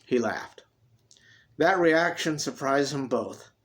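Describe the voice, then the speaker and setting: A man reading his own dramatic story aloud, expressive and swinging between loud and hushed delivery. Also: medium pitch, slow pace.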